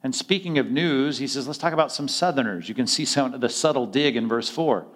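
A man's voice: mid-range voice, a little fast, fairly bright tone. A male pastor preaching a conversational sermon, often acting out quoted dialogue in other voices.

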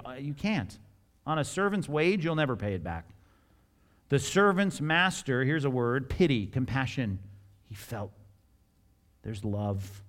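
A middle-aged man preaching a sermon in an animated, conversational way, with jokes and asides and acted-out scripture dialogue. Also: mid-range voice. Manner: acts out scripture dialogue in varied voices. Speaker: pastor.

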